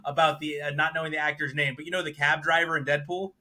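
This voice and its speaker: A man co-hosting a podcast, chatting casually about movies he watched and acting out the lines he quotes. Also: fast talker. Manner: animated, acts out quotes with big jumps in pitch and volume. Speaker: podcast co-host reviewing films. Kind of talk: casual chat.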